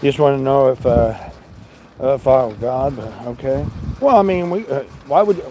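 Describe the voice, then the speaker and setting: A man's voice: mid-range voice, normal speed, dark tone, a little hiss or hum. Chatty man livestreaming while shopping. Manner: chatty, joking, mildly exasperated. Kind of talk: casual live chat while working. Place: large store.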